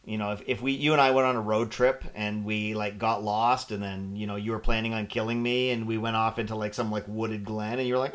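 A man chatting casually as a podcast co-host, animated and acting out quotes. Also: lowish voice, a little fast, hardly any pauses. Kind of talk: casual chat.

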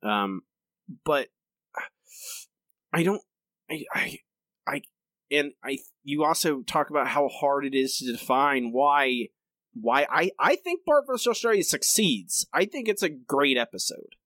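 A man co-hosting a podcast, talking in a rambling, halting way with frequent laughs. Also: a little high, animated, fairly bright tone, dry recording, studio quality. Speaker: podcast co-host. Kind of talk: casual chat.

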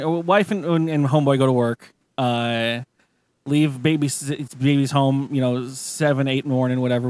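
A man's voice: medium pitch, no room sound. A man hosting a podcast, telling a story in a rambling, profane, casual way with many restarts. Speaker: podcast host. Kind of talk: casual chat, retelling a story.

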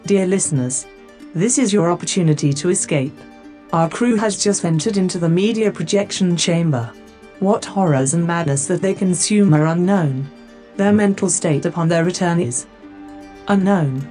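A man's voice: high-pitched, normal speed, darkish tone, voice pushed up, close to an everyday voice. A man voicing a theatrical announcer who solemnly warns listeners, over faint music. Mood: ominous. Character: ominous male announcer warning listeners.

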